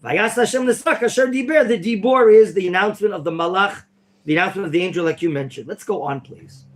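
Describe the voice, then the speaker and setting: A man teaching an interactive Torah class in a classroom, quizzing his students and now and then bursting into theatrical excitement. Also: high-pitched, quick pace. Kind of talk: interactive Bible lesson. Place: classroom at a yeshiva.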